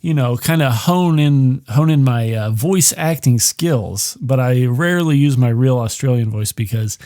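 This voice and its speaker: A man rambles through a movie review in a loose, profane monologue full of jokes. His voice sits at an ordinary middle pitch. It is recorded dry and close, with no room sound. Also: measured pace, mellow, no room sound. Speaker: movie podcast host.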